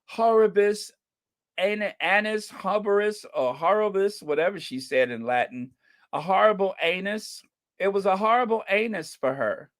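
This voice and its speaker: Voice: medium pitch, lively intonation, moderate pace. An American channel host giving casual commentary with a sarcastic, rambling, mocking manner. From United States.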